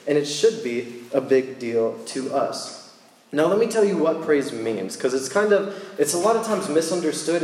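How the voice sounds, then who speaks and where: A young man preaching a sermon in a church, casual and animated as he tells stories. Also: mid-range voice, echoey room, long reverb tail, slight background noise.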